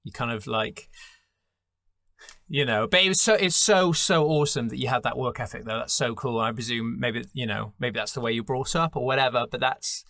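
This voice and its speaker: A man's voice: medium pitch, moderate pace, gravelly, a bit bright, dry recording, studio quality. A man hosting an interview, effusive and enthusiastic in his praise as he asks questions. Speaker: interview host.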